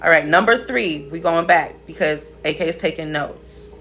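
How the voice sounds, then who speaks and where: A woman's voice: low-pitched, normal speed, few pauses, a bit bright. A woman hosts a casual spiritual livestream. She teaches bluntly and playfully and swears freely. Faint music plays behind her. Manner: blunt, profane, playful, laughs often.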